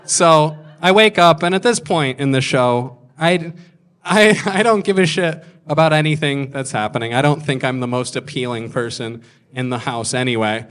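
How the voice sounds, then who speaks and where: A man's voice: mid-range voice, moderate pace, fairly bright tone, smooth. A man in his thirties telling stand-up stories, crude and self-mocking, slipping into other people's voices. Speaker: stand-up comedian. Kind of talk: stand-up storytelling.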